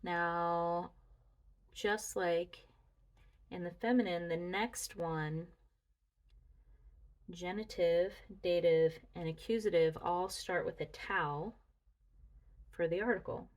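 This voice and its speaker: Woman going over grammar slides real slow, kinda lowish voice, thinks out loud. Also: steady tone. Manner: deliberate, talks through slides, muses aloud. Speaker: student reviewing Greek grammar. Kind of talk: slow grammar review lesson.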